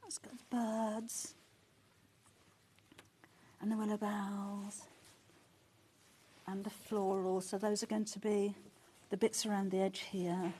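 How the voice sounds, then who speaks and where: A woman presenting a live shopping channel, chatty and excitable, often gasping and laughing as she talks. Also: mid-range voice, slow, pauses often, slight background noise. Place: TV studio.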